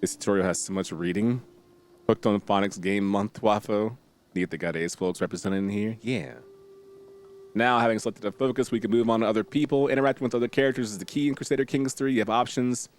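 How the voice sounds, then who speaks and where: A man whose voice is on the low side talks a little fast while casually playing a strategy game for his stream. He reads the tutorial aloud, chats and jokes playfully with viewers, and gets excited in sudden bursts.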